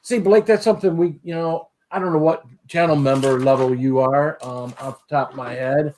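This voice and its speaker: A man's voice: a little high, steady tone, normal speed, a little mellow, slight background noise. A man hosting a casual livestream, greeting viewers by name and chatting. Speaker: livestream host.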